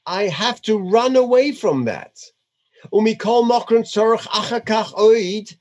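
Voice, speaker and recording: A man giving a conversational Torah lecture, weaving Hebrew terms into his English with an animated delivery. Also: sits high, measured pace, dull audio. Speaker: religious teacher.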